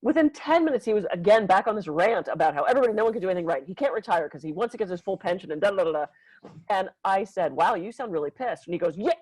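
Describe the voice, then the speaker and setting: A woman massage therapist co-hosting a podcast, telling client stories in a casual, animated way and acting out the quotes. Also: racing, dry recording, poor audio. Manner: animated, acts out quotes with big pitch jumps, laughs often. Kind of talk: casual storytelling.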